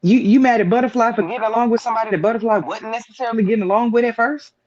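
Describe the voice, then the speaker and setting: A man's voice: extremely high pitch, rapid-fire, crowd noise. A man speaking as a guest on a live stream, making his point with repeated rhetorical questions. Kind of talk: casual opinion talk. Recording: dull lo-fi stream audio.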